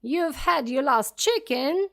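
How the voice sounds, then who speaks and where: A woman voicing a fat, furious male farmer who shouts angrily. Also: fairly high pitch, big pitch swings, slow, creaky, exaggerated voice. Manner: shouting, angry.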